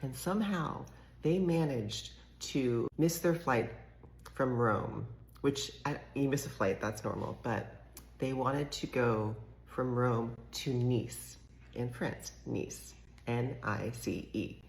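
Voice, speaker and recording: A man's voice: medium pitch, slow pace, reverberant, a little hiss or hum. A man giving casual reaction commentary, incredulous, spelling words out letter by letter.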